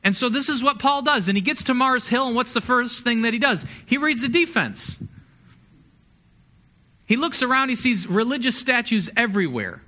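A man preaching a sermon, a pastor talking in a conversational, energetic way and asking the congregation questions. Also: very high-pitched, normal speed.

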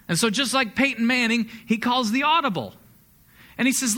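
Man, pastor, sermon, high-pitched, bright tone, conversational, energetic. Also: fairly quick. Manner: conversational, energetic preaching with sports metaphors.

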